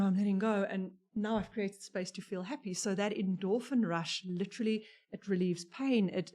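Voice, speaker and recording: A woman with a South African English accent, explaining things in a measured way as an expert on a discussion panel. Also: mid-range voice, a little mellow. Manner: explanatory, measured, uses examples.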